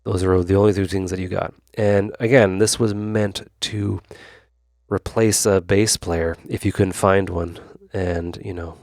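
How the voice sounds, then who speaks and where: A man with a low, gravelly voice talks through a synth demo in a relaxed, wandering tutorial style, piling on fillers and asides as he goes. The sound is dry and close, with no room around it. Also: measured pace, dry recording. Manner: rambling, loose, full of fillers and asides. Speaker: YouTube host.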